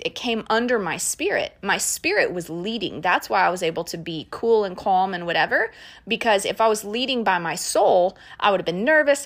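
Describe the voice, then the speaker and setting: An earnest woman teaches in a relaxed podcast style, mixing encouragement with casual fillers. She has an average-pitched voice and talks to the listener like a parent explaining something simple. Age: adult parent.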